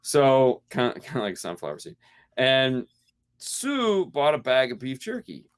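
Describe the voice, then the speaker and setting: A man co-hosting a casual podcast chat, telling animated stories, acting out quotes and laughing often. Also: medium pitch, a little slow, smooth. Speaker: podcast co-host.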